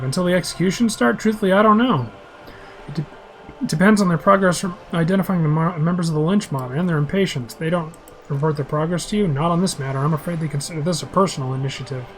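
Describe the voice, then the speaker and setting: A man's voice: a little high, rough recording. A man reading a role-playing game's dialogue aloud in a plain voice, with small slips and restarts. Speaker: game describer.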